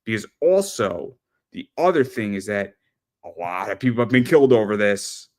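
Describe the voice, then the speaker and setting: A man hosting a casual podcast chat, rambling and animated, often repeating words as he tells stories. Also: fairly low pitch, moderate pace. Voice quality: rambling, animated storyteller with frequent stammered repeats. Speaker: podcast host.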